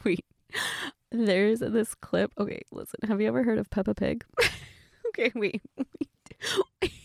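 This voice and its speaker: A woman's voice: mid-range voice, unhurried, gravelly, darkish tone, dry recording, clean studio sound. A woman in a one-sided role-play chat, telling a friend a story, giggly and laughing as she talks. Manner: giggly, keeps laughing and restarting.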